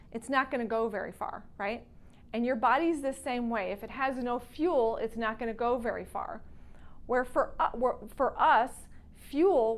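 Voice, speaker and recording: Texan woman, clinic doctor, higher voice, chatty storyteller who acts out quotes, casual talk to patients. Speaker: chiropractor and wellness doctor.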